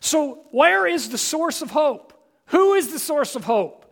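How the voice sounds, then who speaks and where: A male pastor delivers a sermon in an unusually high voice. He takes his time over each phrase, speaking with an unhurried, drawn-out pace. He is emphatic and direct with his congregation and presses his points home with rhetorical questions. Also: big pitch swings, creaky.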